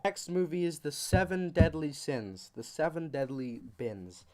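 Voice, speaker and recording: A man's voice: fairly high pitch, big pitch swings, unhurried, darkish tone. A man giving a comedic anime commentary, rambling and joking with goofy asides. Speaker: YouTuber.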